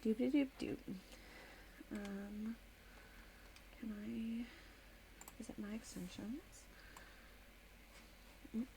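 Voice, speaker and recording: A woman's voice: a little high, steady tone, extremely slow, vocal fry, pauses often, mellow, a little hiss or hum. A woman streamer in casual live-stream chat, chatty and a little distracted as she reads chat aloud and types. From United States.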